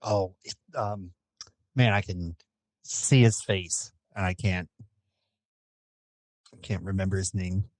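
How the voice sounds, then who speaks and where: A man's voice: sits low, steady tone, slow pace, pauses often, a little mellow, dry recording. A man co-hosting a podcast in casual chat, making dry, wry remarks. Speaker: podcast co-host.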